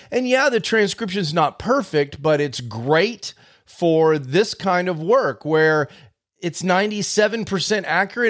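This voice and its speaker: A man hosting a podcast, explaining editing software in a casual, conversational monologue with wry asides. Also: on the high side. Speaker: podcast host.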